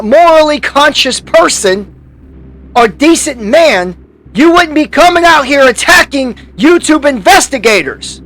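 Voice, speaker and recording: Man, very high voice, slow deliberate pace, heated profane commentary, stumbling restarts. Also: a bit bright. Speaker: YouTube commentary host. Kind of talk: angry commentary rant.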